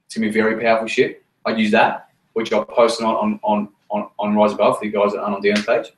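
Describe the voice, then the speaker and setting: A man's voice: on the low side, monotone, fast talker, slight background noise. Brief: man, team leader, blunt and profane, recorded from across a roomy space. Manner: swears freely, repeats himself, straight-talking. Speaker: team leader running a meeting. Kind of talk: blunt motivational talk. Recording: roomy sound from a distance.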